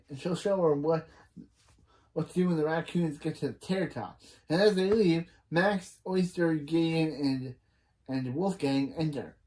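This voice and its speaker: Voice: medium pitch, unhurried, warm tone. A reviewer casually recapping a TV episode scene by scene, stopping to correct themselves and adding personal opinions along the way. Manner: retells scenes line by line, with frequent restarts and opinion asides. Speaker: reaction reviewer.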